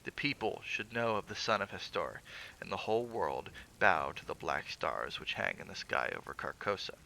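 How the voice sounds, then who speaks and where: A man giving a measured, theatrical reading of a classic horror story aloud, with occasional stumbles. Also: sits low, sing-song, vocal fry, bright, forceful tone, slight background noise, rough recording.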